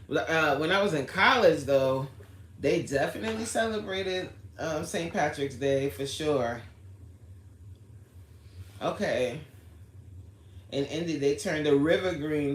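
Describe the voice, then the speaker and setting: A woman hosting a casual livestream, chatting with viewers by name and launching into a story. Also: deep voice. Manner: chatty, answers the live chat by name, storytelling. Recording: roomy echo, faint background noise.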